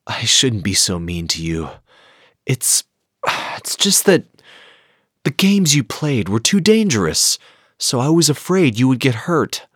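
A woman doing a gentle father mouse. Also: very deep voice, sing-song, slow, slightly rough, dry recording, studio quality, pitched below the performer's own voice, exaggerated voice. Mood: apologetic. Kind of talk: storybook narration.

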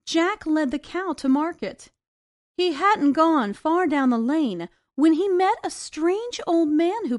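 A woman narrating a children's storybook in a deliberate, expressive way. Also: sits high.

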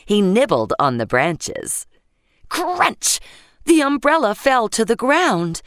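A woman narrating a children's bedtime story gently and expressively, voicing the sound effects. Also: medium pitch, wildly swooping pitch, unhurried, no room sound, clean studio sound.

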